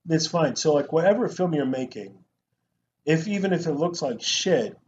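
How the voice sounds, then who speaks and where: A man co-hosts a casual movie review chat in an animated, profane way. His voice sits fairly high. The sound is dull and lo-fi under a faint hiss. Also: normal speed. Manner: animated, swears a lot, mimics actors. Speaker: co-host of a movie review show.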